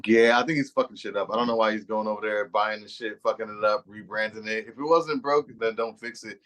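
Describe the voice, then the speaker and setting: A man with a somewhat low voice co-hosting a podcast in relaxed, casual banter. He swears freely and keeps an easy, unhurried manner. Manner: laid-back, profane. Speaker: podcast co-host.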